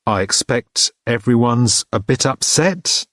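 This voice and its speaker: A man doing a quiet, wry detective. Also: mid-range voice, expressive, slow pace, no room sound, studio quality. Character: wry, patient male detective, quietly puzzled.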